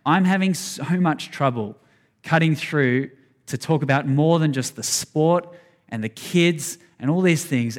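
A man preaching a sermon, earnest and conversational, speaking straight to his congregation. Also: mid-range voice. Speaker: pastor.

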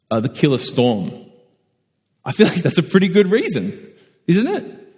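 A man preaching a conversational sermon, self-deprecating and animated when telling stories. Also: fairly high pitch, moderate pace, long pauses, breathy edge. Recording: echoey hall.

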